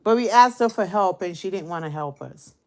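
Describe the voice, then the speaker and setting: A woman's voice: fairly low pitch, expressive, fairly quick. A woman hosting a livestream, telling a story casually, laughing often and swearing freely. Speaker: livestream host.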